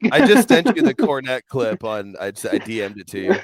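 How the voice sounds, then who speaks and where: A man's voice: mid-range voice, a little fast. A man who is a podcast guest, talking in casual chat and ranting with lots of swearing. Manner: animated ranting with frequent swearing and laughs.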